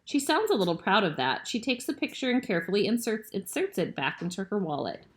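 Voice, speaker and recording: Mom reading a bedtime chapter at home, lively and expressive. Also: female voice, mid-range voice, a little fast. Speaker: mother reading to her children. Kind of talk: bedtime read-aloud.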